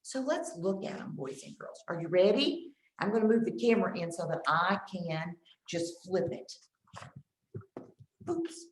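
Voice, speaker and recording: A woman gives a kindergarten nutrition lesson in a slow, drawn-out teacher voice, her pitch swinging up and down. She says short phrases for the children to repeat back. The sound carries an echo, as if recorded in a bare room. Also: big pitch swings, slight background noise. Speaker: extension nutrition educator.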